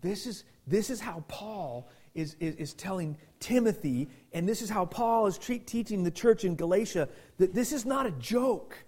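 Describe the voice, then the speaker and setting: A man preaching a sermon as pastor, emphatic, often restarting and repeating words, swinging from loud bursts to near-whispers. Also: sits high, animated, normal speed, few pauses.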